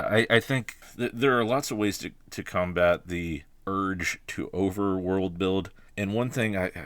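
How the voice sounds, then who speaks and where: A man with a very low voice chats about running tabletop games on a podcast. He speaks thoughtfully and often restarts his phrases, and the sound is dry and close. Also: a bit bright, dry recording. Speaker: game master, podcast speaker. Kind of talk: casual podcast chat.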